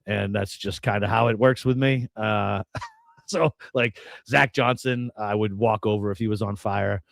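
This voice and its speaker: A man co-hosting a casual golf betting podcast, ranting with lively, profane emphasis. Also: fairly low pitch, measured pace, creaky, no echo. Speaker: podcast co-host. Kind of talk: casual sports betting chat.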